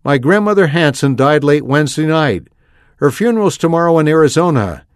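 A man's voice: fairly high pitch, very animated, a little fast, dry recording. Man voicing nervous stammering teen boy, dry. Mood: apologetic.

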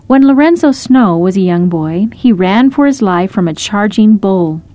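A woman narrating short scripted stories in a gentle, measured storytelling manner. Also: mid-range voice, expressive, dry recording.

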